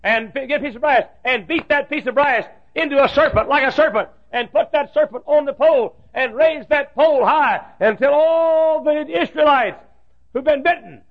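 A man voicing God with a high, loud, strained proclaiming delivery. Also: normal speed. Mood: commanding. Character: booming commanding God, male, ancient. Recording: tinny lo-fi old sermon tape.

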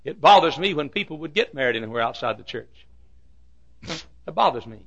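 A man preaching a fiery sermon, swinging from shouts to hushed asides. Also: on the high side, animated, brisk, dull audio. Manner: fiery preaching with sudden shouts and drops to quiet. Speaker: pastor.

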